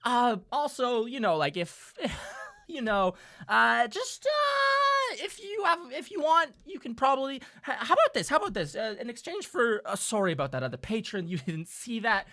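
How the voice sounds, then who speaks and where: A man's voice: high-pitched, sing-song, a little fast, few pauses, pushed and bright, voice pushed up, full character voice. A man voicing a burly male elf casino dealer who stammers through nervous, fawning apologies in a tabletop game. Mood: flustered.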